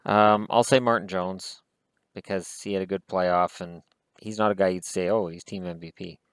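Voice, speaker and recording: A man with a fairly low voice talks through casual hockey picks in a rambling, wry way. He makes dry jokes about himself as he goes. The sound is close and dry, with no room around it. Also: fairly even intonation, moderate pace, smooth, no room sound. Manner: rambling, wry, self-deprecating asides. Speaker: hockey commentator. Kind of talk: casual solo commentary.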